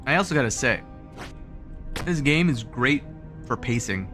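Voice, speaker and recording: Male streamer, lively self-mocking play-by-play, music clear underneath. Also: medium pitch. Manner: joking, self-mocking, quick exclamations. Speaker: game streamer. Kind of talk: live gameplay commentary. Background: game music.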